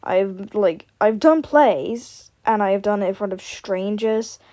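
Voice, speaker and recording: A woman's voice: medium pitch, takes it slowly, mellow. A young woman vlogger chatting casually while playing a building game, rambling with lots of fillers. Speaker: gaming vlogger.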